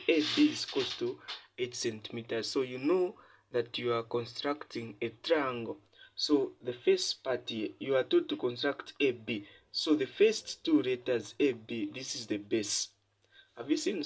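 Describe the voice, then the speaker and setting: A male tutor working through a lesson at a medium pitch, coming back to the same question to check that his listeners follow him. He speaks in patient, repetitive steps, and his voice jumps up and gets louder whenever he hits the point he wants to land. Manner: repetitive teacher questions, checks understanding often; emphatic rises in pitch and loudness when stressing points. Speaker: math tutor. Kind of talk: classroom lesson explaining steps.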